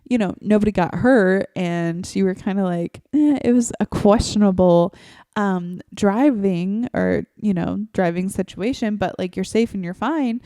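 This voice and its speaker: A chatty woman hosting a solo podcast, her voice mellow and relaxed as she rambles from one thought to the next, full of "like" fillers. The sound is close and dry, spoken straight into a home microphone from her favorite chair. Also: medium pitch, unhurried, no echo. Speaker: podcast host. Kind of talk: casual solo podcast chat.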